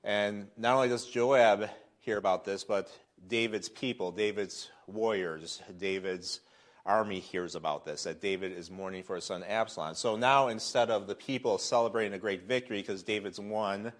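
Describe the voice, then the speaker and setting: A middle-aged man with a very low voice teaches a Sunday School Bible lesson. He talks in a loose, conversational way, with fillers and restarts, from a church classroom. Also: normal speed.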